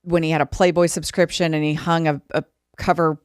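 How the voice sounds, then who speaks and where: In a dry, studio-quality recording, a woman with a low-pitched, clear, resonant voice talks fairly quickly. She's a podcast co-host telling casual stories from her sports broadcasting career, a chatty storyteller who livens up when quoting others.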